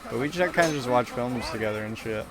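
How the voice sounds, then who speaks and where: Over background music, a young adult gamer talks fast in a medium-pitched voice. His commentary to chat is casual and meandering, profane, and often at his own expense.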